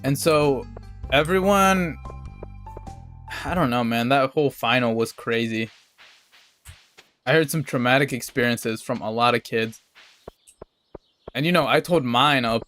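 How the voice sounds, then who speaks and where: A man's voice: mid-range voice, fairly bright tone. A young adult man streaming a game, telling a rambling, profane story in a casual, laid-back way. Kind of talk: casual storytelling while gaming.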